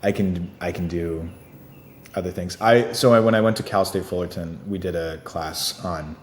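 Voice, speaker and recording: A man's voice: low voice, normal speed. A man, an actor being interviewed, chatting casually with many fillers and easy laughs. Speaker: actor guest. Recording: echoey room with faint noise.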